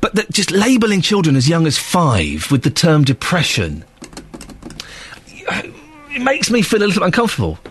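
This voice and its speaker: A man in his thirties presenting breakfast radio in a chatty, animated way, muttering asides to himself. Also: on the high side, normal speed, pauses often, slightly rough.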